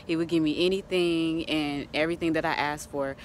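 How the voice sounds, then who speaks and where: A woman's voice: low-pitched, fairly even intonation, fairly quick, a little hiss or hum. A woman giving casual motivational advice on her vlog, chatty and laughing often as she talks to her viewers. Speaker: vlogger.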